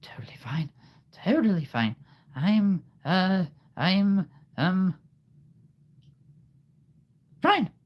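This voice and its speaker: A jittery woman keeps insisting she is fine, stammering as her voice leaps high, as a man acts her out. The pitch swings widely between words. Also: big pitch swings, very slow, pauses often, highs cut off, exaggerated voice. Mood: nervous. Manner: nervous, stammering, voice climbing high.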